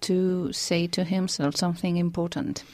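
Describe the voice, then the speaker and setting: A woman's voice: lowish voice, fairly even intonation, moderate pace, darkish tone. Hesitant woman. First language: Spanish. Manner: hesitant, searching for words. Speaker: radio co-host. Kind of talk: casual radio chat.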